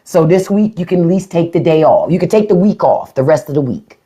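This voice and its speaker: Livestream host, unfiltered rant, profane, mocking, very lively pitch. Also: brisk. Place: livestream at home.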